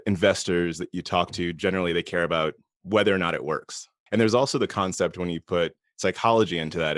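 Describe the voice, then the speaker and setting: Deep-voiced podcast host, dry sound. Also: male voice, no echo. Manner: measured, builds long questions from ideas. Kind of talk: podcast interview.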